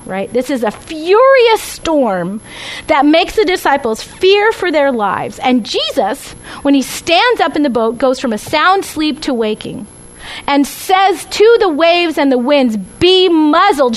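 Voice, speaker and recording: A woman's voice: high voice, rough recording. A woman teaching a Bible study class with slides, talking conversationally and often checking in with "right?" and "okay?".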